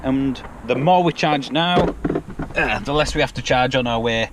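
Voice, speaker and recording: English guy vlogging, chatty and jokey, laughs a lot, mid pitch, noisy outdoor traffic. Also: moderate pace. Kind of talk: casual vlog chat. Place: outdoors at a car charging spot.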